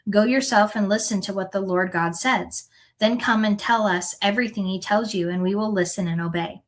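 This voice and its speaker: A woman reading scripture aloud in an earnest, unhurried way, now and then correcting a word. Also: mid-range voice, rough recording. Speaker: scripture reader.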